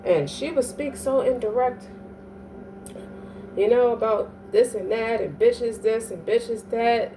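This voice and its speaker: A woman's voice: fairly high pitch, slow pace, dark tone. Woman swearing emphatically, mic set back. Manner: profane, emphatic, keeps asking "you dig?". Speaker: astrology reader. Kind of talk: casual monologue reading. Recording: distant mic with faint background noise.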